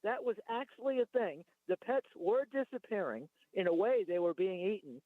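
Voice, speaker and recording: A man's voice: sits high, lively intonation, moderate pace, dry recording. A man calling in to a talk radio show, rambling and arguing his points, reading from notes. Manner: rambling, argumentative, reads from notes. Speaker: caller. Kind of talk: phoned-in talk radio call. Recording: tinny phone line.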